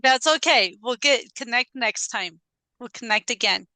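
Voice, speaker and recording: A woman's voice: fairly high pitch, lively intonation, a little slow, sharp tone, dry recording. A woman hosting a podcast, giving short, encouraging replies and signing off the show. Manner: brief encouraging responses. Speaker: podcast host. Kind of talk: casual interview.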